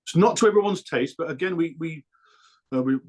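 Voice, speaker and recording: Enthusiastic man, frequent throat clearing. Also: a little high, brisk, a little mellow. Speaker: guest, food producer. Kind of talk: casual chat.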